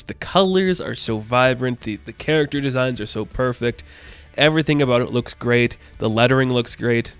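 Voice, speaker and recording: A man's voice: mid-range voice, smooth, no echo. A man giving a casual, enthusiastic spoken review of a comic book, rambling with lots of filler words.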